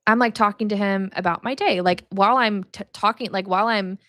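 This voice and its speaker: A woman's voice: mid-range voice, brisk, a bit bright, no echo, studio quality. A young woman hosting a podcast, teaching about faith in a casual, chatty way, laughing often and filling her talk with "like". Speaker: podcast host.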